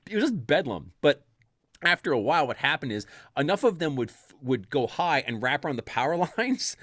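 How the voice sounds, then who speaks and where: A man's voice: a little high, sing-song, a little fast, a bit bright, dry recording, studio quality. A man casually telling a childhood story, laughing often and acting out the voices in quotes.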